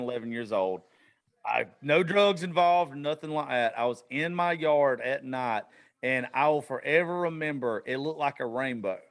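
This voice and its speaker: A man hosting a podcast who chats casually in an excitable, profane way, throwing in quick asides. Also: medium pitch. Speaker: podcast host. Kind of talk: casual chat.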